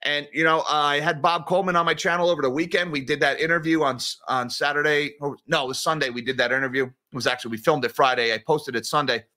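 Bright-voiced casual finance host. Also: male voice, fairly high pitch, fairly even intonation, fast talker, few pauses. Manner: rambling, conversational, self-correcting. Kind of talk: casual livestream chat reading viewer comments.

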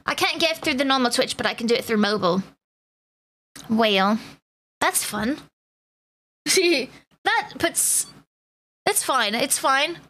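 A woman's voice: high voice, expressive, slow pace, pauses often, bright, forceful tone. A woman streamer chatting casually with her live viewers, greeting them by name in playful slang. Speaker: Twitch streamer.

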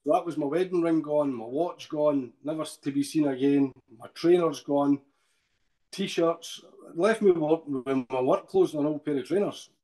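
A man's voice: a little high, warm tone. A Scottish man in a podcast interview, recounting his ordeal emotionally and often ending sentences with "eh?". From Scotland. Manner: emotional storytelling, tags sentences with "eh?", halting restarts. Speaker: podcast guest. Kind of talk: personal account in a podcast interview.

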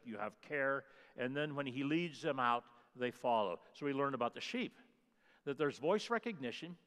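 A man's voice: mid-range voice, a bit bright, clean tone, long reverb tail. A man preaching a sermon as pastor, emphatic, repeating key phrases and stressing single words for weight. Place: church sanctuary.

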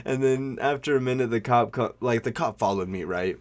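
A man's voice: medium pitch, fairly even intonation, brisk, hardly any pauses. A young man telling a story in a casual vlog, rambling and slangy, full of "like" and "bro", swearing freely.

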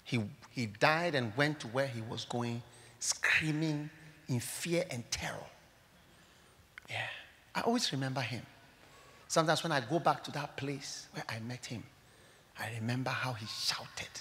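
A male pastor with a Ghanaian English accent preaching a sermon to a church congregation. He swings dramatically between hushed tones and shouts. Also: medium pitch, moderate pace. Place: church service hall.

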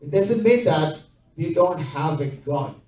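A man's voice: fairly high pitch, animated, unhurried, a little mellow. A man preaching a sermon as pastor, repeating his points with frequent hallelujahs and okays. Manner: switches into Malayalam mid-sermon. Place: church sanctuary. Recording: roomy church echo from far off.

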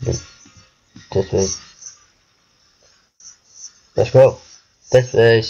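A man's voice: medium pitch, steady tone, very slow, gravelly, dark tone, muffled recording, soft background music. A young man giving casual gameplay commentary, jumpy and muttering, exclaiming when scared. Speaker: gaming video creator.

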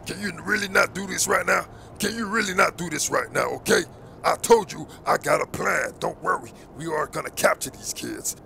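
A man's voice: high voice, normal speed, bright, forceful tone, a little hiss or hum, exaggerated voice. A man voicing a groggy, beaten-up dad who grumbles wearily while plotting, in a comedy skit. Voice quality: gravelly.

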